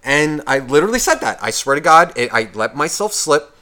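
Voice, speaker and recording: A podcast co-host tells a heated, profane story in casual chat, acting out what other people said with agitation. His voice is a little high and bright, with big pitch swings, a slightly fast pace, and a pushed quality.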